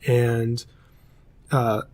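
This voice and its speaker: A man's voice: mid-range voice, little pitch movement, drawn-out words, a little mellow. A young man co-hosting a casual podcast chat, rambling through a film plot and losing his place as he goes. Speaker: podcast co-host.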